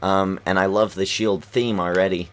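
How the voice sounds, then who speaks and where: Low-ish guy voice, rambly game commentary at home, lots of um and restarts, kinda hushed. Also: flat delivery, moderate pace. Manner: kept quiet at night. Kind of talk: casual gameplay commentary.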